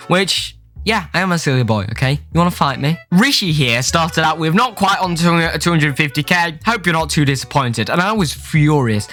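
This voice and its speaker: Sarcastic guy, young, reads out chats for laughs, highish voice. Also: animated, normal speed, faint music behind. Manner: sarcastic, jokey, bursts into shouting. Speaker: YouTuber. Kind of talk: comic storytelling, reading out chats.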